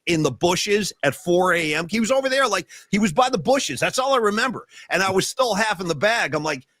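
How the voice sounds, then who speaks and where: A man with a high, lively voice hosts a casual sports chat and tells stories with bursts of emphasis. The sound is close and dry, with no room around it. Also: brisk, no room sound. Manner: animated, storytelling, swings pitch high for emphasis. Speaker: podcast co-host.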